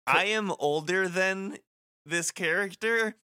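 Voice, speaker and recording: Brief: man, co-host, joking banter, bright and slightly high. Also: slow pace, clear, resonant tone, no echo. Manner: joking, laughs often. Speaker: podcast co-host. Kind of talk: casual chat.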